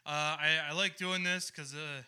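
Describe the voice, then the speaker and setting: A young man from Ohio doing a stand-up comedy set, crude and sardonic, launching into loud ranting bits. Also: a little high, fairly even intonation, moderate pace, clear, resonant tone.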